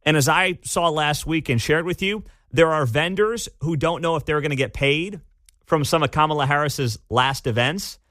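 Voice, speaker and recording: A man's voice: fairly high pitch, normal speed, fairly bright tone, no echo, clean studio sound. A man hosting a talk radio show, giving sarcastic, opinionated commentary in a chatty way. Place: radio studio. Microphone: studio mic.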